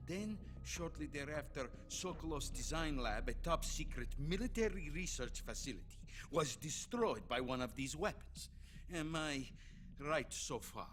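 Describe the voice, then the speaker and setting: An actor playing a stern older Soviet premier with a Russian accent, speaking in a grave, accusatory way in a video game cutscene. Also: male voice, a little high, expressive, unhurried, a bit bright, faint music behind. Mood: accusing.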